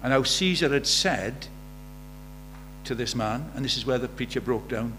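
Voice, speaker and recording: This preacher's medium-pitched voice sounds pushed and bright as he talks at normal speed. His sermon feels conversational, built around rhetorical questions to the congregation, with a faint mains hum in the background.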